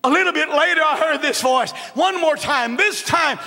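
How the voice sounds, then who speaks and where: A man preaching a revival sermon as an evangelist, fervent and shouting at peaks, then dropping to a hush to tell a story. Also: very high voice, normal speed, vocal fry. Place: large church hall with congregation. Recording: long reverb of a big church hall.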